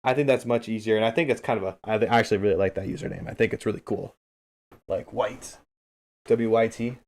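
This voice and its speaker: A man's voice: lowish voice, steady tone, fast, darkish tone. Chatty man coaching over a livestream. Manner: chatty, talks straight to his viewers and answers chat. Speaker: streamer and game coach. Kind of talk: casual livestream replay analysis.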